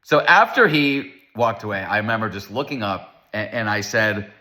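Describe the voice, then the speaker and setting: A man giving a casual Torah lecture, animated and storytelling, acting out the voices of the people in his stories. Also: lowish voice, moderate pace.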